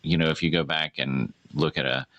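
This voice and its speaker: Man, podcast host, very low voice, dry sound, halting casual talk. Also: steady tone, creaky, a bit bright, no room sound. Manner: halting, full of fillers and restarts. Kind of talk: casual chat.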